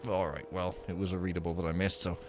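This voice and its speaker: A man's voice: sits low, flat delivery, quick pace, a little mellow, faint music behind. A man giving chatty, jokey commentary while playing a game, full of wandering asides. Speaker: gaming video host. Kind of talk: let's play commentary.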